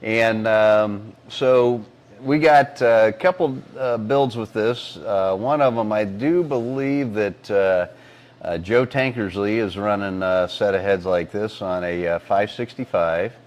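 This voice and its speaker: A middle-aged man talks engines in loose, rambling shop talk, leaning on fillers and clearing his throat now and then. His voice sits a little low. It is picked up by a lapel mic clipped to his collar. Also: takes it slowly. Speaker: engine builder and podcast co-host. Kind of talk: casual technical shop talk.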